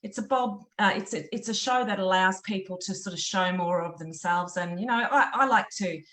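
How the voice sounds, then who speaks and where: A woman's voice: mid-range voice, normal speed, a bit bright, rough recording. A woman, hosting a casual interview show in a chatty, rambling way full of fillers. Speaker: show host.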